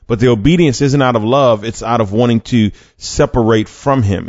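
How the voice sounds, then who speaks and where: A man's voice: mid-range voice, moderate pace, darkish tone, no room sound, lo-fi sound. A man hosting a faith podcast, talking conversationally with fillers, restarts and rhetorical questions. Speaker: podcast host.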